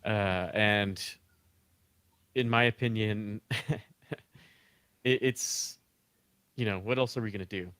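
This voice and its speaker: A man's voice: lowish voice, steady tone, slow, long pauses, a bit bright, clear, resonant tone, no echo. A man on a casual discussion panel, joking around and tallying audience votes from a chat.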